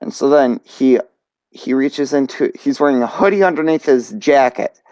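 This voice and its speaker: Young man telling a story, halting. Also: medium pitch, darkish tone, dry recording. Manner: halting, many restarts and fillers. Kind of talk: casual storytime narration. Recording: dull dry lo-fi recording.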